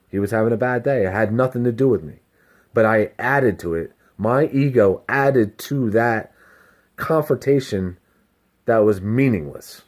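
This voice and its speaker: A delivery driver talking casually to camera, candid and self-reflective, rambling and swearing freely. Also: male voice, lowish voice. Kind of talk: casual self-help vlog monologue.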